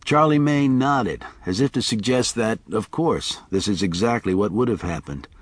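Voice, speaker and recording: A man narrating an audiobook in a measured, expressive reading. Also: lowish voice, dry recording.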